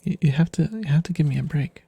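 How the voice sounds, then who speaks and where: A man chats softly and ramblingly to his stream audience, self-deprecating and often drifting down into whispers. His voice is mellow and husky, with a gravelly edge, and it sits close to the microphone in a dry, dead room. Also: a little high, lively intonation, quick pace, no echo, dull audio. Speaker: ASMR streamer. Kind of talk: soft rambling ASMR chat.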